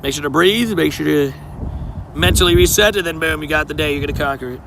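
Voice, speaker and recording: A man's voice: fairly high pitch, fast, gravelly, noisy background. A young man streaming casually to his live chat, laid-back and slangy, greeting viewers by name while outdoors.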